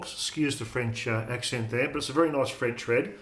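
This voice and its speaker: A man giving a calm, step-by-step cooking demonstration in his home kitchen, explaining as he goes with frequent pauses and fillers. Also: mid-range voice. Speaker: home cook demonstrating a recipe.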